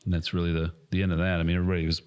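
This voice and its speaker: A man in his thirties, co-hosting a casual podcast, telling an animated story, swearing often and acting out quotes loudly. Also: low voice, racing, smooth. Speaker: podcast co-host and airsoft field staff.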